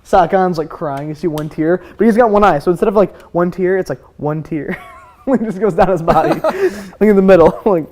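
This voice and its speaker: A woman's voice: on the low side, expressive, moderate pace, warm tone. A young woman narrating a tabletop game as game master, laughing often and filling her talk with "like". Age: young adult. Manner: laughing, full of "like" fillers.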